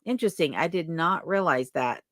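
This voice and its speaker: A woman's voice: sits low, lively intonation, fairly quick, dry recording, clean studio sound. A woman hosting a livestream chat who reads viewer comments aloud and greets people by name in a friendly, chatty way. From lives in Alaska. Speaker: livestream host.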